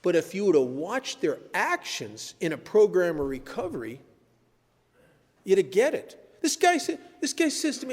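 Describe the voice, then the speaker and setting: A man's voice: sits high, sing-song, moderate pace. Earnest older man speaking in an echoey hall. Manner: earnest, blunt, storytelling with sudden emphatic rises. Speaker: speaker at a recovery meeting. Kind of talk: personal recovery talk. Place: meeting hall.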